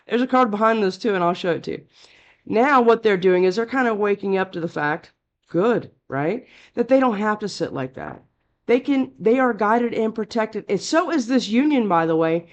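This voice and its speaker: A woman's voice: a little high, animated, a little slow. Blunt, chatty woman reading tarot. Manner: blunt and chatty, curses freely, scolding. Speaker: tarot reader.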